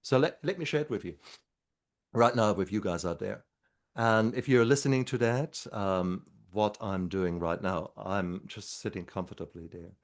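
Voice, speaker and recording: Man, very low pitch, podcast guest, doctor, earnest, encouraging. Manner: speaks slower when calm. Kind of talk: podcast interview.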